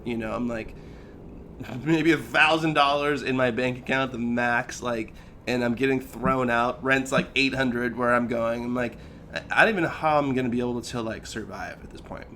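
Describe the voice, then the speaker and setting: A man's voice: medium pitch, normal speed, a little hiss or hum. A man in his thirties, a podcast co-host, telling a personal story in casual chat and acting out the lines he quotes. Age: 30s. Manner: animated, acts out quoted lines, says "dude" and "like" a lot.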